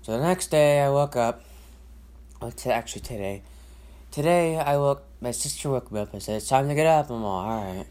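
Solo podcast host just rambling on, swears a lot, repeats himself or herself over and over, mid-pitched voice. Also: animated, normal speed, a little mellow. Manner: rambling, repetitive, profane, restarts sentences often. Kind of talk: casual solo rant and storytelling.

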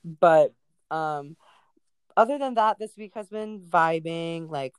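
A woman's voice: lowish voice, clean tone, dry recording. Bubbly teen girl podcast co-host. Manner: bubbly, swearing, drawn-out fillers. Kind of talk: casual chat.

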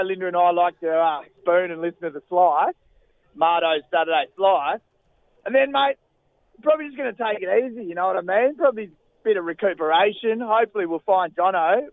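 A man's voice: sits high, no room sound. A man playing a laid-back Australian holidaymaker with an Australian accent who rambles and trails off, calling in. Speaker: caller. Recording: tinny phone line.

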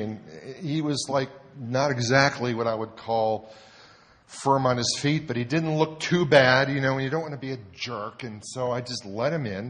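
A man's voice: medium pitch, in a large hall. An older man, a pastor, telling a self-deprecating story in a conversational sermon. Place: church sanctuary.

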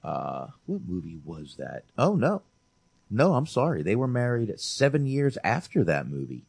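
On a movie podcast he co-hosts, a man with a medium-pitched voice, vocal fry, and a breathy edge talks at a moderate pace in a dry recording. He's animated and casual, cursing often and addressing his friend as "dude."

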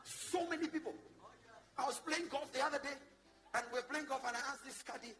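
A Kenyan man preaching as a bishop to his congregation, passionate, swinging from loud shouts to low asides. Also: animated, a little fast. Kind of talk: sermon. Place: church before a congregation.

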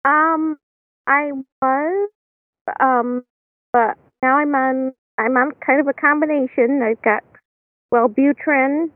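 Over a tinny, dry phone connection with no echo, a woman guest speaks slowly in a high-pitched, fairly even voice. It's a casual interview chat on a podcast, and she hesitates often, saying um a lot.

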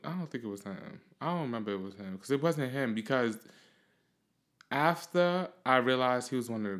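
A young man hosting a podcast, telling a rambling, profane story in a casual, animated way. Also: on the low side. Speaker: podcast host.

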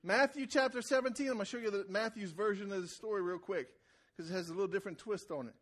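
High-voiced preaching man. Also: fast talker. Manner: conversational preaching that builds to raised, shouted emphasis; repeats words when starting phrases. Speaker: pastor. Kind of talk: sermon.

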